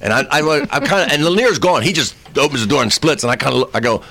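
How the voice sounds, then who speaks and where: A man in his sixties, a comedian, telling a comic anecdote in an animated way. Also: medium pitch, fast. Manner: animated storyteller, acting out voices. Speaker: comedian guest.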